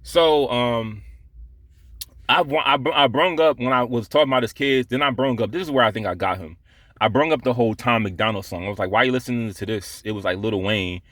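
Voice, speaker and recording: A man's voice: medium pitch, a little fast, fairly bright tone, no room sound, clean studio sound. A man telling a story from his workday in a casual vlog, blunt and profane, rambling with many restarts. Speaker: vlogger telling a work story.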